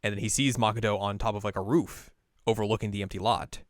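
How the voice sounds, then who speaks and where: A man's voice: on the low side, steady tone, fast talker, no echo, clean studio sound. A male podcast co-host casually recapping a game's plot, scattered with "like" and restarts. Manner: rambling recap full of "like" fillers. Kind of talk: casual chat recapping a video game story.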